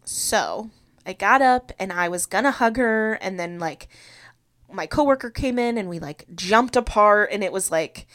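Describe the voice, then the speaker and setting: A young woman hosting a solo podcast, retelling a personal story in an animated, confessional way. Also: mid-range voice, unhurried. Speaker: podcast host.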